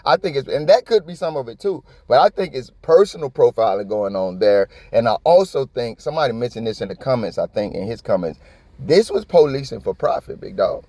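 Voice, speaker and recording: A man's voice: mid-range voice, animated, brisk, warm tone, no echo. Blunt, profane male commentator. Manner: conversational, slangy. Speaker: video commentator. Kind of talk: reaction commentary.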